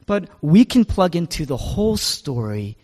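A man's voice: a little high, very animated, moderate pace, warm tone, in a large hall. A male pastor preaching a sermon, asking rhetorical questions and repeating his key phrases.

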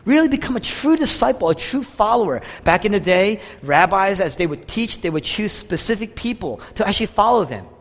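A male pastor preaching a sermon with a dynamic delivery, his voice rising loud and high, then dropping low and soft. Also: very animated, a little fast, hardly any pauses. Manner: dynamic preaching, rising and falling in pitch and loudness. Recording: long reverb of a large hall.

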